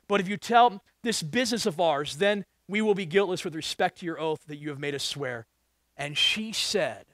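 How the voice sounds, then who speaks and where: A man's voice: high voice, fairly bright tone, no echo, studio quality. A male pastor preaching a sermon, reading scripture and asking the congregation emphatic rhetorical questions.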